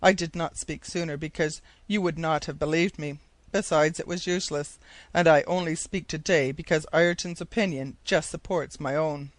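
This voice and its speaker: A man's voice: a little high, normal speed, dry recording, close to an everyday voice. A man doing an eager, insistent geographer. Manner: excited, insistent explaining. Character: eager talkative male geographer, scholarly.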